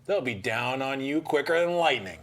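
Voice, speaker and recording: A man reading out the part of a jovial, weather-beaten older man, booming and hearty, in a tabletop gamebook session. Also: expressive, normal speed, slight background noise, close to an everyday voice.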